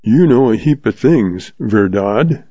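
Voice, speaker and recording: A man's voice: on the low side, animated, slow, dark tone, no room sound. A man voicing a tough young male cowboy investigator in a terse, tart way, with a dull, dry, lo-fi sound. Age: young adult.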